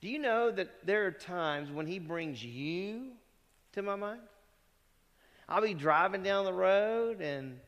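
Male pastor, fairly high voice, chatty preaching style, church reverb. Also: lively intonation, slow pace, fairly bright tone, muffled recording. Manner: conversational preaching, asks the congregation questions. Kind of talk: sermon. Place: church sanctuary.

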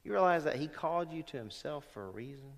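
Man, pastor, emphatic sermon, fairly high voice, rhetorical questions, reverberant church hall. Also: expressive, fast. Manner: emphatic preaching, rising loud on quoted verses, dropping low at phrase ends; calls out questions to the congregation. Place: church sanctuary.

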